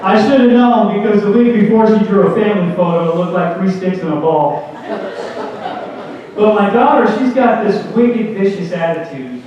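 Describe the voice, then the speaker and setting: Comedian with a high voice in an echoing hall. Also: male voice, a crowd in the background. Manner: acts out family members in quick quoted voices, jumping high for the kids. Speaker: stand-up comedian. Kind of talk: stand-up comedy set. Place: community theatre stage. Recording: echoey hall, mic from far off, dull.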